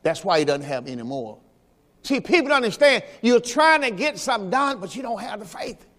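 A man's voice: sits high, sing-song, a little fast, a bit bright, big-room sound. A man preaching a Sunday sermon as pastor, in a folksy style that mixes scripture quotes with rhetorical questions. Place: church during Sunday service.

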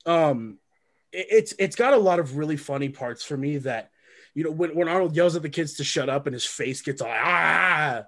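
A man's voice: fairly high pitch, lively intonation, brisk. A man co-hosting a casual movie podcast, rambling with lots of ums and restarts. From lives in Oregon. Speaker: podcast co-host. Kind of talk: casual movie review chat.

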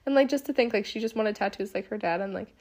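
Woman, young adult, podcast co-host, hoarse sick voice, soft filler-heavy chat. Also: mid-range voice, fast. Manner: soft-spoken, lots of "like" fillers. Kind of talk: casual chat.

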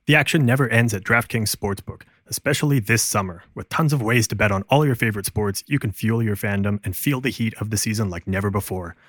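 A man's voice: on the low side, brisk, hardly any pauses, fairly bright tone, no room sound, studio quality. Man reading a polished ad. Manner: upbeat, polished sales delivery. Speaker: ad reader. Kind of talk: read sponsor advertisement.

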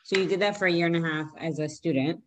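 A woman's voice: lowish voice, quick pace, slight background noise. A woman interviewing a guest, recapping her story and asking probing follow-up questions.

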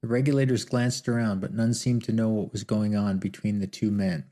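A man narrating a western audiobook in a steady storytelling manner. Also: on the low side, brisk.

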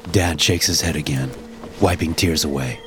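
A man narrating a first-person horror story in a hushed, somber manner. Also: a bass voice, moderate pace, background noise. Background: music.

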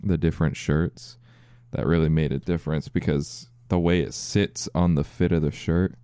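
Podcast co-host, male; very deep, relaxed, appreciative tone. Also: moderate pace, smooth, no echo, studio quality. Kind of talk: casual chat.

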